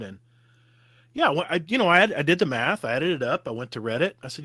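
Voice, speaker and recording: A man guesting on a casual gaming podcast, telling stories in an animated way and acting out what people said. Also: a little high, fast talker, no room sound, clean studio sound. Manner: animated storyteller, acts out quotes.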